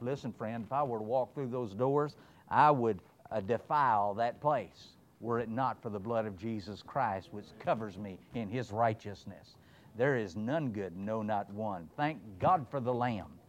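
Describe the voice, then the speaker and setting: A man's voice: fairly low pitch, unhurried, lo-fi sound. Folksy emphatic male preacher. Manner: folksy, emphatic, voices God in asides. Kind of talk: sermon with scripture reading.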